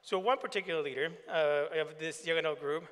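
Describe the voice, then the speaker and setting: A pastor gives a keynote address, telling stories and slipping into the voices of the people in them. His voice sits a little high and comes across bright and forceful. The sound rings out with the long reverb of a large hall. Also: fairly quick, clean tone. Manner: anecdotal, acts out quoted dialogue. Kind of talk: keynote storytelling to an assembly.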